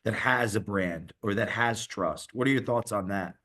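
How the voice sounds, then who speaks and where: A man's voice: fairly low pitch, fairly bright tone. A man hosts a podcast interview. He mostly reacts in brief words and asks questions that start over a few times before they come together. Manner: short reactions, halting questions. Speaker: podcast host.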